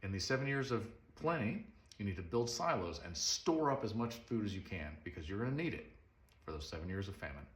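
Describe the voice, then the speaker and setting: Brief: a man doing a calm young prisoner, lively delivery, echoey room. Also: on the low side, fairly quick. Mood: explaining. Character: confident young male prisoner, calm and assured. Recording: roomy echo.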